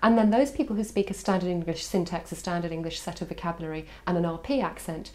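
Woman, somewhat low voice, academic, explaining step by step. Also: steady tone, dark tone. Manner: measured, explaining. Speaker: language scholar. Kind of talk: explanatory interview.

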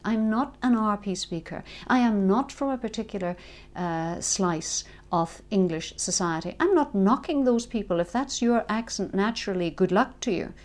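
A woman's voice: mid-range voice, darkish tone. A woman with a Northern Irish accent, a lecturer speaking emphatically in an interview. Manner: emphatic, proud. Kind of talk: interview talk.

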